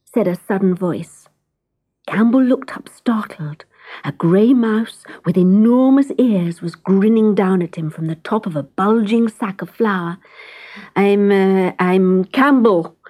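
A woman reading a children's storybook aloud, gentle and expressive, often dropping into a whisper. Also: medium pitch, measured pace, breathy edge, no room sound, studio quality.

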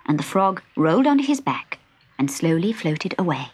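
A woman narrating a children's storybook with an expressive, animated reading. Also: on the low side, normal speed, slightly rough. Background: background music.

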